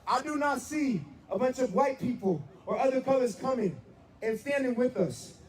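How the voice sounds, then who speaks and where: A man's voice: very high-pitched, animated, moderate pace, roomy sound. A man leading a street protest, giving a rally speech and calling out chants for the crowd to answer. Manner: shouting, repeats "am I right or am I right". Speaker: protest leader. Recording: distant voice in a loud street crowd. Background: loud crowd noise.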